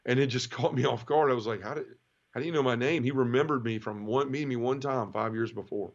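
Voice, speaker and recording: A middle-aged man tells his story of faith in an earnest, heartfelt way. He stumbles and repeats words when emotion catches him. His voice sits at an ordinary pitch and comes through a slightly dull, lo-fi recording. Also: fast talker. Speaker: interview guest. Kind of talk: emotional personal testimony.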